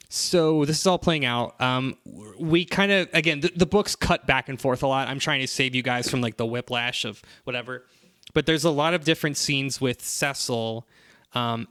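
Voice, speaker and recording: A man's voice: mid-range voice, clean tone, dry recording. A man casually recapping a comic series on a podcast, rambling with lots of fillers and playful quoted lines. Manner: rambling, animated retelling with many fillers. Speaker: podcast host summarizing a comic. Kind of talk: casual chat.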